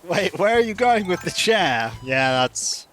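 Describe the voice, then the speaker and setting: A streamer casually commenting on gameplay, playful, with quiet asides. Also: mid-range voice, unhurried, soft background music. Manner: playful, animated, drops to soft asides.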